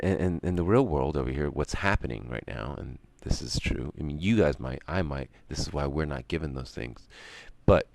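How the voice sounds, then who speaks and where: Man, very low voice, gravelly, rambling stream rant. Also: expressive, darkish tone, no echo. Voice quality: very deep gravelly voice. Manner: ranting, musing, drawn-out pauses.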